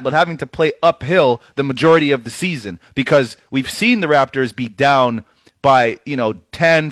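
A man's voice: mid-range voice, fairly bright tone, dry recording. A man giving post-game basketball analysis on a panel, talking animatedly and often restarting his words.

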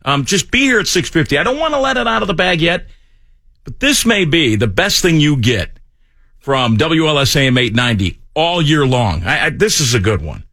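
A man's voice: on the high side, moderate pace, dry recording. A man hosting morning talk radio, joking and poking fun at himself. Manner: jokey, self-mocking, animated. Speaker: fill-in radio host. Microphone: studio microphone.

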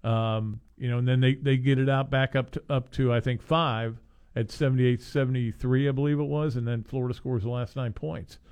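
A man hosting casual sports talk, rambling with many restarts and growing excitable as he recounts a game. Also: medium pitch, brisk, smooth. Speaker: sports radio host.

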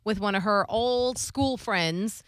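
A woman's voice: medium pitch, slow, dry recording, clean studio sound. A middle-aged woman chatting casually, telling a family story and acting out quoted voices. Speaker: co-host. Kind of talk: casual chat.

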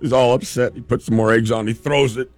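A man hosting a talk show, telling a family story in a casual, animated way and laughing often. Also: medium pitch, brisk, faint music behind. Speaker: radio host telling a story.

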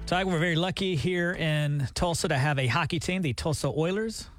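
A man's voice: a little high, brisk, over music. A man co-hosting a radio show, talking in playful, teasing banter with his partner. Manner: teasing, playful, self-mocking. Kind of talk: casual morning show banter.

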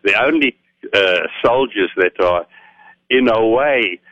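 A man calling in to a radio show, telling an animated story with many pauses. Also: fairly low pitch, dry recording. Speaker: caller. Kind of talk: phone-in call. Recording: muffled phone-in line.

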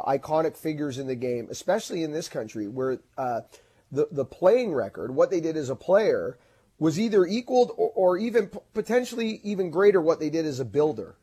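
A man co-hosting a talk show, chatting casually with halting restarts and self-corrections. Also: a little high, mellow, slightly rough. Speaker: co-host. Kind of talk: casual chat.

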